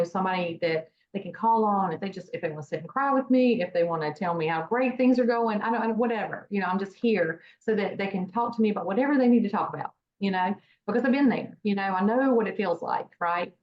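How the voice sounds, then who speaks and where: A woman's voice: mid-range voice, fast talker, few pauses. A woman guest on an interview show, talking casually about her nonprofit, rambling with many fillers and restarts. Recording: dull lo-fi sound with faint noise.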